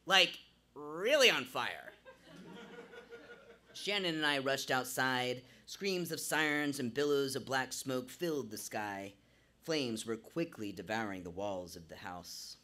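A man's voice: mid-range voice, a little slow, sharp tone. A man performing a live true story on a small venue stage, narrating vividly and theatrically into a stage microphone.

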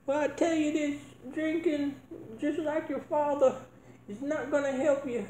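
A man's voice: extremely high pitch, fairly even intonation, a little slow, dark tone, voice pushed up. A man voicing a nagging, worried middle-aged mother in a comedy sketch, scolding and pleading. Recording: roomy echo.

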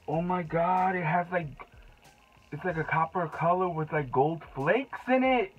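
A young man unboxing makeup in a casual vlog, excitable and gushing, gasping and breaking into shouts. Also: on the high side, a little slow, long pauses, lo-fi sound. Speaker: beauty vlogger.

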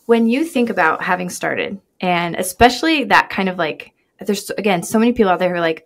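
A woman hosts the podcast, winding her way through long, chatty questions. Her voice sits a little low for a woman. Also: lively intonation, fairly quick, few pauses. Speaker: podcast host. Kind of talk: casual interview hosting.

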